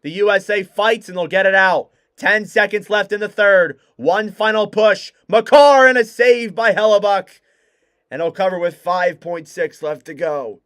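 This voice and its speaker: A young man calls a hockey game live for his stream, his voice going hoarse and worn. He speaks a touch high for a man and gets excitable, stopping now and then to cough. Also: normal speed, no room sound, studio quality. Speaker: livestream hockey commentator. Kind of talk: live play-by-play commentary.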